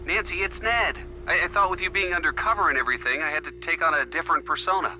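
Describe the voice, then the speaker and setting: An actor playing an affectionate young boyfriend in a video game, teasing and sweet in a light, playful way. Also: male voice, on the high side, quick pace, sharp tone, a little hiss or hum, poor audio. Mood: joking.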